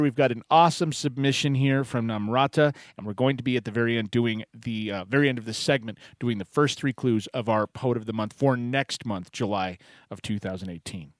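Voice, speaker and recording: A man's voice: medium pitch, no echo. A man hosting a poetry open mic call-in show, chatty and welcoming, with frequent fillers.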